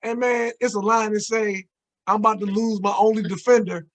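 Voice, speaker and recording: High-voiced man confiding emphatically. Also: fairly even intonation, moderate pace, a bit bright. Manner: emphatic and confiding, with short repeated affirmations. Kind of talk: casual chat.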